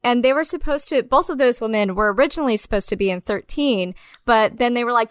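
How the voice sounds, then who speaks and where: A woman co-hosts a relaxed film podcast, and her voice sits on the higher side. She talks loosely and fills her speech with "like," slipping into the voices of people she quotes. The sound is close and dry. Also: a little fast, dry recording. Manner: lots of "like", acts out quoted dialogue. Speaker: podcast co-host. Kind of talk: casual film-review chat.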